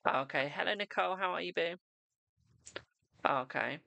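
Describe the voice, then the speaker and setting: A young man gives a live-streamed tarot reading in a raised, gravelly voice with a bright, forceful edge. He talks in a soothing, repetitive way, checking in with "okay?" and calling the viewer his darling. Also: on the high side, normal speed, no room sound. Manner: reassuring, repetitive, keeps saying "okay" and "my darling".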